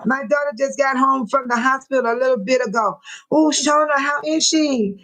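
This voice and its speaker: An older woman hosting a casual livestream from home, talking straight to her viewers in chat, emotional and quick to bless and pray. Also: sits high, a bit bright, low-quality recording. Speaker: livestream host.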